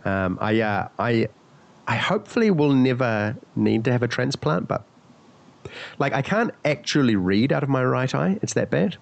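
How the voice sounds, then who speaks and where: A man's voice: medium pitch, big pitch swings, normal speed, creaky, lo-fi sound. A man with a cold chatting casually on a podcast, rambling and correcting himself as he searches for words. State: sick with a cold. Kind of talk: casual chat.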